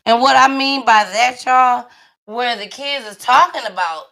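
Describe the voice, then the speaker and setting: A woman co-hosts a casual chat show with a bright, clear voice. She is blunt and laughs often, swears freely and speaks straight to her viewers. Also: on the high side, unhurried. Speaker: podcast co-host.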